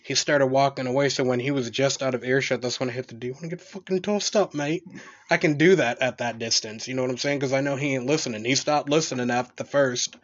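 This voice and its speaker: A young man trades crude, dark jokes in loose podcast banter, swearing as he goes. His pitch sits right in the middle, and the recording sounds dull and lo-fi. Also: fairly even intonation, fast talker, hardly any pauses. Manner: profane, joking storyteller with dark humor. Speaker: podcast co-host. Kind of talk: explicit casual chat.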